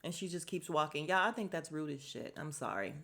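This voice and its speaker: A woman's voice: deep voice, a little fast, sharp tone. A woman hosting a casual podcast, recapping a reality show bluntly and swearing freely. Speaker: podcast host.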